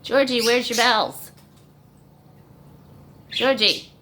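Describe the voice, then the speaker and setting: A woman's voice: on the high side, very slow, bright, forceful tone. A woman coaxing her pets in a sing-song, baby-talk voice, recorded on a phone at home. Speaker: pet owner. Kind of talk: talking to pets. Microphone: phone camera.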